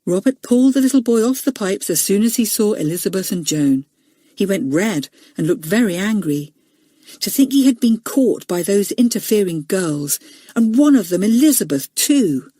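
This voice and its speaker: A woman narrating a children's audiobook, expressive and voicing each character. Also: mid-range voice, moderate pace, husky, no room sound, clean studio sound. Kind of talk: storybook narration.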